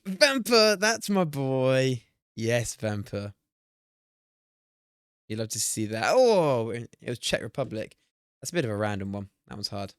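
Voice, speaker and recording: A man in his twenties streaming casually, excitable, swearing and chatting to his viewers. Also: on the low side, moderate pace, long pauses, no echo, studio quality. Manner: excitable, swears and laughs often, talks to chat. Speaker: streamer hosting a watch party. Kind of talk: casual live-stream chat while playing a guessing game.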